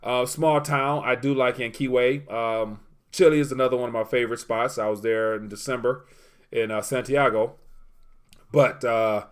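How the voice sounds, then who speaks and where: A man hosting a casual livestream, reading viewer comments aloud and rambling while he looks things up. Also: mid-range voice. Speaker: livestream host.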